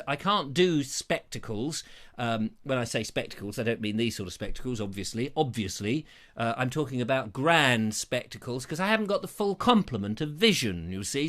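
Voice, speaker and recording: Male live-show host, bright tone, theatrical rambling comic delivery. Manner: jokey, rambling, theatrical pitch swings. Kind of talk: live show chat, reading viewer comments. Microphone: lapel mic.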